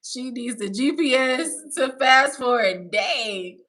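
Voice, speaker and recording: Lively bright-voiced woman chatting on stream. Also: a little high, slow. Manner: rambling, reading chat aloud, laughing often; talks to the audience as y'all. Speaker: live streamer. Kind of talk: casual live-stream chat.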